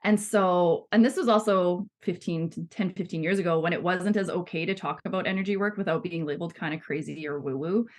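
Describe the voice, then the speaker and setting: A woman's voice: lowish voice, fairly quick, hardly any pauses, a little mellow. A woman in her thirties talking casually as a podcast guest, chatty, with frequent laughs and fillers. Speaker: guest, body psychotherapy student.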